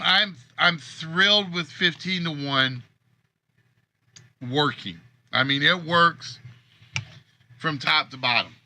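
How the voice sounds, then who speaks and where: A man's voice: a little high, bright, forceful tone. A man hosting a casual livestream, rambling and thinking aloud about the games he builds. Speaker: game show host and creator.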